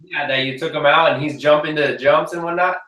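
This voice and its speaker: Brief: young male host, bright tone, animated storyteller, echoey room, a bit off-mic. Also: a little high, brisk, distant mic. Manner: animated storyteller who acts out his kids' lines. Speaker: host of an RC hobby hangout. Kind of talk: casual chat.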